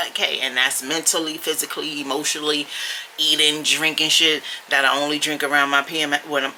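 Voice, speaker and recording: A very bright-voiced woman vlogger chats straight to her camera in a blunt, sassy way. The recording carries a faint background hiss. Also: low-pitched, poor audio. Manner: chatty, blunt and sassy, with frequent laughs and mild swearing. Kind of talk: casual chat to camera.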